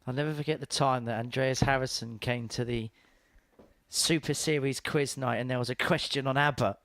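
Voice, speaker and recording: A man commentating on a live darts match in a relaxed, conversational way. He mixes scores and checkout talk with stories, and his voice sits at an ordinary middle pitch. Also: moderate pace, a little hiss or hum. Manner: chatty, informative, tells anecdotes.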